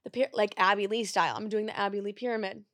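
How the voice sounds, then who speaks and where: A woman's voice: medium pitch, steady tone, quick pace, fairly bright tone, no echo, clean studio sound. A woman in her twenties hosting a casual podcast, telling dating stories bluntly with lots of swearing and acted-out quotes. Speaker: podcast host. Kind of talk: casual confessional chat.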